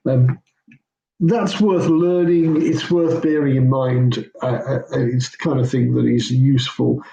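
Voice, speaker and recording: A man's voice: medium pitch, a little slow, creaky, mellow, slight background noise. A man, a pastor, talking through biblical Greek grammar in an informal lesson, hesitant, with many ums and self-corrections. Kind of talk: informal teaching walkthrough. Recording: roomy echo.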